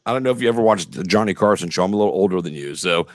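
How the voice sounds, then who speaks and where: A man's voice: low-pitched, animated, rapid-fire, no echo. Rambling, foul-mouthed male interview host. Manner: rambling, profane, lots of fillers. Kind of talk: casual interview chat.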